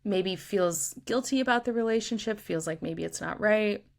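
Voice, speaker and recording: A woman's voice: medium pitch, moderate pace, creaky. A woman hosting a podcast, telling her own story in casual, candid chat and reading her old diary entries aloud with emphasis.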